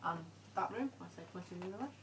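A woman with a lowish voice plays a tabletop game, narrating her character's moves playfully. Clear noise sits behind the recording. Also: expressive, rapid-fire. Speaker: player. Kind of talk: casual chat. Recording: noisy room recording.

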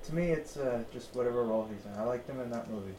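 A man's voice: medium pitch, quick pace, mellow. A man playing in a tabletop game, speaking hesitantly in plain casual chat. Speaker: player. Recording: roomy, distant mic, light noise.

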